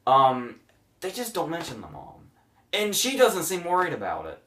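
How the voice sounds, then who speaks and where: A man's voice: fairly high pitch, huge pitch swings, moderate pace, fairly bright tone, recorded from a distance. A man hosting a casual movie review podcast, sarcastic and mocking scenes as he retells them.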